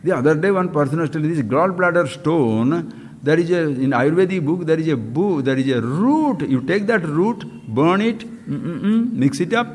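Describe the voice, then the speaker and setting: A swami gives a spiritual discourse in a high, sweeping voice. He tells his stories with animation, asks rhetorical questions and jabs bluntly at his listeners. The recording carries a long reverb from a hall. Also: animated, moderate pace, darkish tone. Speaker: swami giving a spiritual talk. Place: retreat camp hall.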